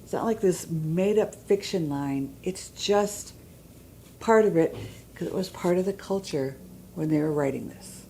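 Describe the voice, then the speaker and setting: A woman's voice: on the low side, a little slow, mellow, a little hiss or hum, low-quality recording. A woman giving a conversational church teaching, reading scripture aloud and checking in with her listeners. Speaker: Bible teacher.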